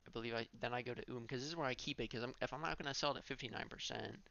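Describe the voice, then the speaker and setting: A man's voice: mid-range voice, rapid-fire, creaky, muffled recording, heavy background noise. A male streamer giving gameplay commentary, thinking aloud and correcting himself as he goes.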